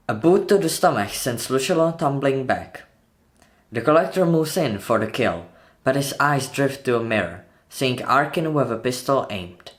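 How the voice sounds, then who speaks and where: Man narrating a thriller, voicing booms. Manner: tense retelling, voices sound effects like booms and gunshots. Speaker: channel host narrating a film breakdown. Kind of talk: dramatic story narration.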